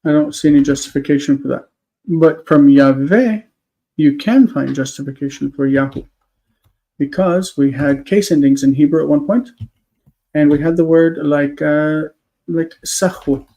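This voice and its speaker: A man's voice: fairly high pitch, normal speed, dark tone, lo-fi sound. A man on a live stream, explaining word forms step by step, thinking aloud with many fillers. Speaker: Hebrew teacher.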